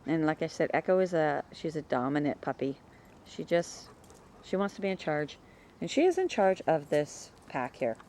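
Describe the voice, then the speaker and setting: A woman talking casually about her dogs in her yard, chatting away and calling to them in a high sing-song. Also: big pitch swings, moderate pace, darkish tone, a little hiss or hum. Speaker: dog breeder. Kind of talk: casual home video narration.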